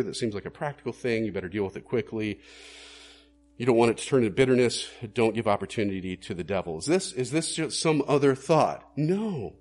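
A man's voice: medium pitch, big pitch swings, a little fast, a little mellow. A male pastor preaching a sermon in an earnest, questioning way that rises to emphatic bursts.

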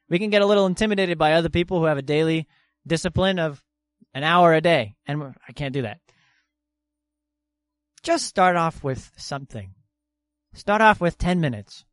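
Earnest young male preacher, slightly high voice. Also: no room sound. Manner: earnest, slow and deliberate with emphatic pauses. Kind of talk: sermon.

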